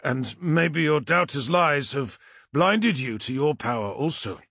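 Brief: narrator playing a determined armored soldier, husky, urgent, lively, dry close read. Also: male voice, fairly high pitch, unhurried, dry recording, voice pushed up, exaggerated voice. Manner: urgent, pressing. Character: bold male armored officer, tense and determined.

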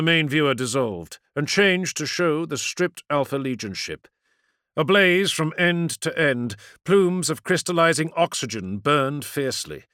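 A man's voice: fairly high pitch, expressive, a little slow, a bit bright, smooth, dry recording, clean studio sound. A man reading a science fiction audiobook in a dramatic, vivid narration style.

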